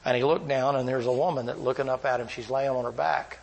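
A man's voice: mid-range voice, fairly even intonation, fast talker, gravelly, slight background noise, low-quality recording. A man preaching a sermon, telling folksy, rambling stories in plain country talk. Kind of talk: storytelling sermon.

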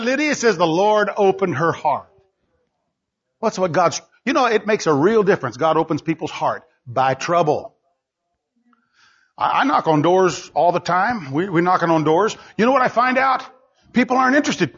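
This preacher's voice is high, expressive and slightly rough, set at an ordinary speed. He alternates between loud and soft while hammering home rhetorical questions, and the lo-fi audio is dull.

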